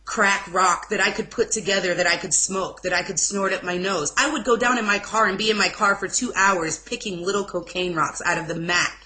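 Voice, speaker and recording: A young woman giving an emotional personal testimony in an informal interview, speaking haltingly with restarts. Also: mid-range voice, steady tone, pushed and bright, a little hiss or hum, low-quality recording. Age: young adult. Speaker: interview guest.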